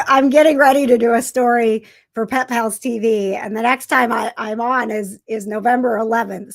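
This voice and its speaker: Gravelly-voiced woman gushing on a live stream. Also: on the high side. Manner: emotional, gushing, with many uhs and restarts. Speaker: host. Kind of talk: casual live-stream chat.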